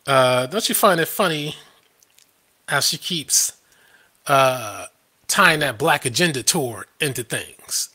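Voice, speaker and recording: A man's voice: mid-range voice, expressive, slow pace, pauses often, pushed and bright, breathy edge. A man hosting a live stream, ranting in a combative, scoffing way and laughing at his own points.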